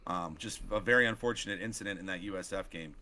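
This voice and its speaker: A man's voice: low voice, fast talker, sharp tone. A man co-hosting a sports podcast in casual chat, laid-back and analytical, with frequent ums. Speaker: podcast co-host.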